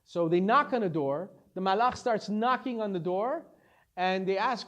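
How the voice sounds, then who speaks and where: Animated rabbi telling a story. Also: male voice, sits high, moderate pace, highs cut off. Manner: animated storytelling, acts out dialogue. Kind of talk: Torah lesson.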